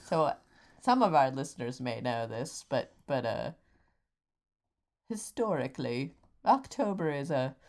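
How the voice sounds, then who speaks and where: An older woman co-hosting a podcast as a DJ, chatting casually in a dry, deadpan way with halting fillers. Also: very deep voice. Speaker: podcast co-host and DJ. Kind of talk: casual chat.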